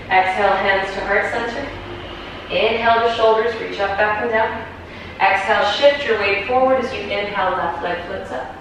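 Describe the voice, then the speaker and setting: A woman teaching a yoga class, calmly cueing each breath and pose step by step, a little out of breath. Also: medium pitch, very echoey, distant mic, a little hiss or hum, rough recording. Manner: calm, encouraging step-by-step cueing. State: slightly out of breath. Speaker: yoga instructor. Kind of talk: guided yoga class cues.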